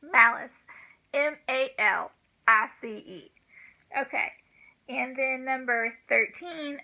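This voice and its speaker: Spelling out each word letter by letter, a grandmother chats through a homeschool vocabulary lesson while poking fun at herself. She has a high, bright, forceful voice, captured on a low-quality recording.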